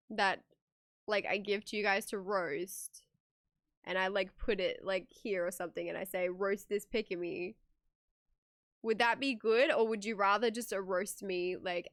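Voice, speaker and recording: A woman's voice: mid-range voice, no room sound, studio quality. A young woman streamer chatting casually with her viewers, giggly and talkative, reading messages aloud.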